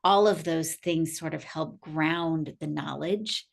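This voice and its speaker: Low voiced lady host, calm and thoughtful, interview chat. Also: slow pace, gravelly. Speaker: podcast host.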